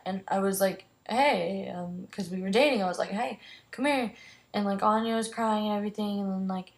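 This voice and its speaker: A teenage girl vlogging, telling a long personal story in a rambling way, full of "like" and "um". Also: mid-range voice. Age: teens. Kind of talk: casual storytelling to camera.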